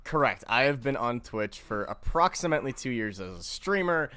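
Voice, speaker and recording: A man's voice: medium pitch, very animated, normal speed, bright, forceful tone, smooth. A twenty-year-old man, a guest streamer, chatting casually and joking around on a podcast. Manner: joking, rambling, easygoing. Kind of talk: casual chat.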